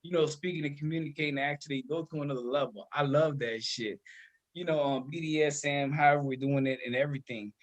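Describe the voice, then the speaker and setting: Excitable high-voiced man, loud and profane. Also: fast talker. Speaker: podcast host. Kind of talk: casual chat.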